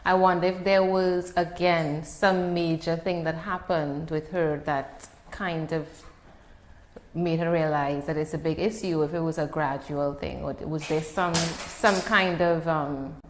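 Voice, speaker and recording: A woman's voice: low-pitched, steady tone, measured pace, roomy sound, a little hiss or hum. A woman hosting an interview, asking curious and careful questions. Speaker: host. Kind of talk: casual interview.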